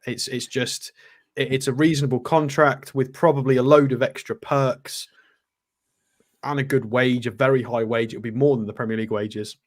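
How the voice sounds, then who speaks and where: A man's voice: mid-range voice, fairly even intonation, moderate pace. A man co-hosting a casual stream, giving matter-of-fact views on football. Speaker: co-host pundit.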